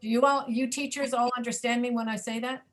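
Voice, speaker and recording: A woman's voice: a little high, fairly even intonation, a little fast, a bit bright, slight background noise. A woman teaching a pronunciation class over a video call, demonstrating reduced speech and often checking that students understand.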